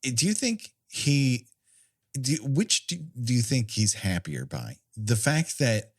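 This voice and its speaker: A man's voice: mid-range voice, wildly swooping pitch, measured pace. A man co-hosting a podcast, chatting casually and jokily about a film, laughing often. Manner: jokey, laughs often, slips into mock voices. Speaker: podcast co-host. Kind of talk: casual comedic film discussion.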